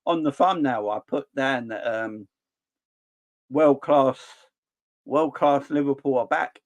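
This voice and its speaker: Man, young, livestream host, casual chat, animated, blunt slang. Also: mid-range voice, slow. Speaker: fan channel host.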